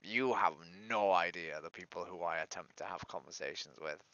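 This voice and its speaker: A man's voice: sits low, normal speed, a bit bright, dry recording, dull audio. A man streaming alone, upset and weary, venting his frustration in a despondent monologue that swears and trails off into mutters.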